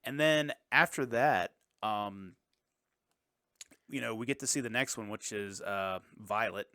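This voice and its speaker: A man co-hosting a movie podcast in relaxed, crude chat, walking through scenes one by one. His voice is mid-pitched and sounds dry and close. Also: clean tone, dry recording. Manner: laid-back, crude, recaps scenes with quick impressions. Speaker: podcast co-host.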